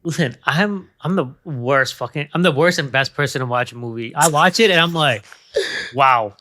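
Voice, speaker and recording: Joking young male host, bright edgy tone, casual and profane. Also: fairly high pitch, fairly quick, no room sound. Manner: joking, laughs often, swears casually. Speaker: podcast host. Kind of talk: casual chat.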